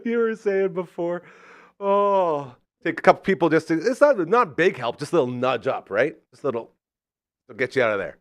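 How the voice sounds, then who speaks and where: Lively, effusive host, his pitch leaping high and dropping low as he talks. He sounds close to the mic in a dry, dead room with no echo. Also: normal speed. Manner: effusive and upbeat, with big swings in pitch. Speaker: radio show host. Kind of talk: casual chat.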